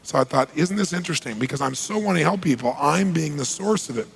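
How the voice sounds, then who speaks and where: A man's voice: on the high side, lively intonation, fast, creaky, slight background noise, poor audio. A man giving a motivational talk, telling a story with emphatic, punchy delivery and acting out conversations. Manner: emphatic, punchy, acts out quoted exchanges. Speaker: motivational speaker.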